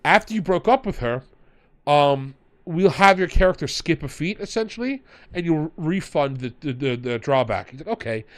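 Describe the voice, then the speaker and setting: A podcast host and game master animatedly tells a tabletop story in casual chat, retelling the players in quoted voices. He speaks at a normal speed in a voice on the high side.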